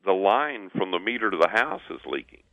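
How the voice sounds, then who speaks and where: A man with a very low voice tells a story and acts out the quotes, doubling words and laughing between phrases. The sound is thin and tinny, like a caller on a phone line to a radio show. His voice is dry and close. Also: big pitch swings, fairly quick, no echo. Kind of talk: animated personal storytelling.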